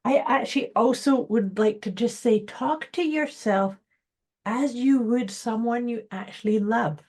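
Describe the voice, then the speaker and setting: A woman's voice: on the high side, unhurried, darkish tone. A woman co-hosting a podcast, speaking in a reflective, encouraging way. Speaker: podcast co-host. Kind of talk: casual chat.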